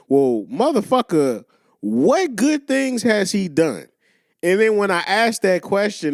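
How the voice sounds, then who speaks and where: A man's voice: high voice, sing-song, takes it slowly, no echo, studio quality. A man co-hosting a podcast, arguing his points in heated, emphatic, profane casual chat. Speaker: podcast co-host.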